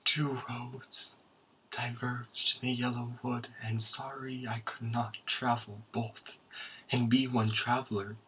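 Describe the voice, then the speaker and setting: A man giving a slow, hushed poetry recitation, dropping into whispers at times. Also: medium pitch, little pitch movement, a little hiss or hum, rough recording. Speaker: student presenter.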